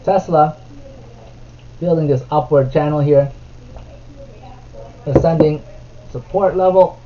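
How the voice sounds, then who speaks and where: A man streaming his trading from home. He switches between soft, sing-song baby talk with his toddler and brisk market commentary. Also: fairly high pitch, lo-fi sound, a little hiss or hum. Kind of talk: casual live-stream commentary.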